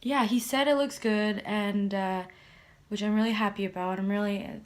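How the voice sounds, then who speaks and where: A woman's voice: medium pitch, steady tone, normal speed. Young adult woman from Canada, casual vlogger; hesitant, filler-heavy, conversational delivery. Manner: chatty, hesitant, many fillers. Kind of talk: casual vlog update to camera.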